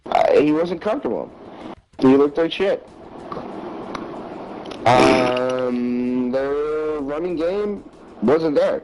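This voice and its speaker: A man's voice: on the high side, slow, pauses often, noisy background. A man co-hosting a podcast, ranting bluntly about football with plenty of swearing in casual sports chat. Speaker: podcast co-host.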